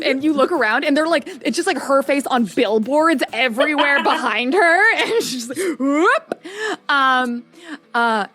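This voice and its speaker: A woman's voice: on the high side, a bit bright. A woman narrating as game master of a tabletop game stream, chatty and full of ums. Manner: chatty, lots of ums, quick asides.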